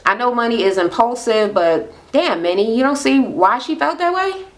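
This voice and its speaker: High-voiced, chatty woman recapping a show. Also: expressive, normal speed. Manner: chatty, blunt, swears freely, acts out quotes in a higher voice. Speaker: reality TV recap YouTuber. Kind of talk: casual recap vlog.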